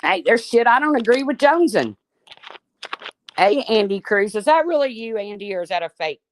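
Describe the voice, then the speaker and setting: A middle-aged woman hosts a live chat, her voice on the high side and very animated at a moderate pace, with no echo. She talks bluntly and swears freely, reading out viewers' names between folksy stories.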